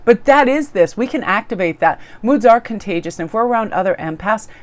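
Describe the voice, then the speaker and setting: A woman's voice: medium pitch, animated, brisk. A woman tarot reader chatting casually to her viewers in a bubbly, gushing way. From Korean heritage, living in New England.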